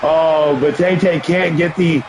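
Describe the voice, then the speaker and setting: A man hosting a live stream, calling play-by-play for a wrestling video game in an excitable, often shouting way, with chatty asides to viewers. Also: on the high side, a little slow, slight background noise, rough recording. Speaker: livestream host and commentator.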